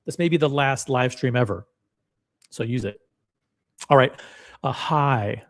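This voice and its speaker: A live streamer with a mid-range voice takes his time as he reads a forum post out loud, then reacts with blunt, profane remarks and repeated words aimed straight at chat.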